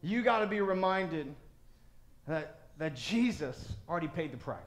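A man preaching a sermon as pastor, animated and acting out voices of crowds and of God. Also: a little high, a little slow, roomy sound.

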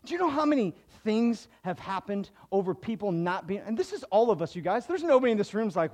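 A male pastor preaching a sermon to a congregation, animated, acting out the people in his stories with big swings in his voice. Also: sits high, quick pace, hardly any pauses. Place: church hall before a congregation.

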